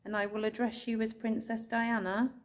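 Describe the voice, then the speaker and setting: An English woman ghost hunter calling out to spirits indoors, speaking slowly and tenderly, sometimes tearful, recorded on a handheld camera. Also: on the high side, flat delivery. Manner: soft, pleading, slow and tender, calling out with endearments. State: tearful at times.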